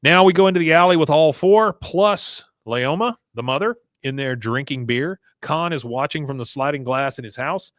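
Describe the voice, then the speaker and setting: A man's voice: a little high, normal speed, few pauses, a bit bright, dry recording, clean studio sound. A man hosting a podcast, casually recapping a cartoon episode, acting out quoted lines in put-on voices and laughing often. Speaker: podcast host.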